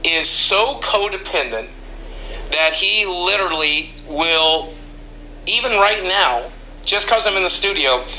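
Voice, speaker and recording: A man's voice: a little high, pushed and bright, slight background noise, low-quality recording. A man talking earnestly and emotionally in a studio, pleading with listeners. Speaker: YouTuber in a played clip. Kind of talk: emotional confessional talk.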